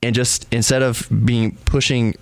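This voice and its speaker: A man in his thirties hosts a podcast, casually telling a comic story and laughing at himself in a self-deprecating way. His mid-range voice has little pitch movement and an unhurried pace.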